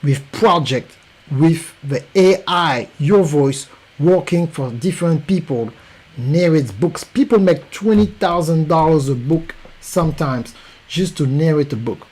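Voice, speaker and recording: Guy w a french accent hyping his class, mellow raspy voice, keeps repeating stuff. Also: a little high, unhurried, rough recording. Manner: animated, repetitive, emphatic. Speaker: podcast coach. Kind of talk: energetic promotional pitch.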